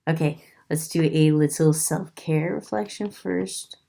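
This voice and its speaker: A woman's voice: sits low, measured pace, creaky, mellow. A woman doing a casual tarot reading, musing aloud as she turns over cards and laughing now and then. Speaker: tarot reader.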